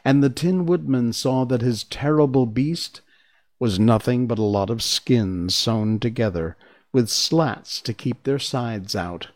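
A man narrating a storybook in a calm, measured way. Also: mid-range voice.

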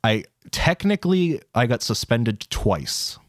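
A man's voice: sing-song, slow pace, dry recording, studio quality. A young man, a college student, co-hosting a podcast and telling a long story with swearing and laughter. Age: young adult. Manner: rambling storyteller, swearing, laughing, voice jumps high in quotes. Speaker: podcast co-host. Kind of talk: casual chat.

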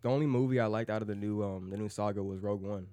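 A man's voice: on the low side, steady tone, racing, mellow, no echo. A young man in casual chat, blunt and opinionated, swearing freely.

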